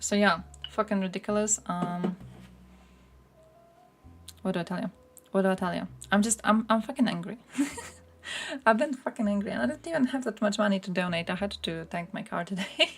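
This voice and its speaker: A woman's voice: mid-range voice, creaky, a little hiss or hum. A woman streaming from home, giving casual, heated commentary full of swearing and short laughs. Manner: angry, profane, laughing asides.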